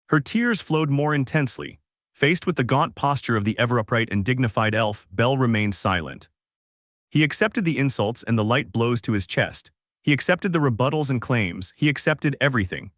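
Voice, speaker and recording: A man narrating a fanfic story in a steady, even reading voice. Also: mid-range voice, normal speed, no room sound, studio quality.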